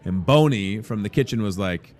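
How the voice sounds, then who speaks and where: A man's voice: fairly low pitch, animated, moderate pace, a little mellow. A man hosting a casual live show from inside a grocery store, joking and rambling in an upbeat way. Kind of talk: casual live promo chat.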